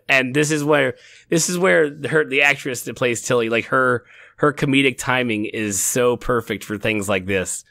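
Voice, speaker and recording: A man's voice: medium pitch, unhurried, vocal fry, sharp tone, dry recording, studio quality. A middle-aged man co-hosting a casual TV review chat, rambling with frequent restarts and laughter. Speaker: podcast co-host.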